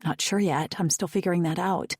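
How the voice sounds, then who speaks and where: A woman voicing a guarded, secretive woman who answers quietly and evasively, with a low husky voice. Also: steady tone, fairly quick, no room sound, studio quality.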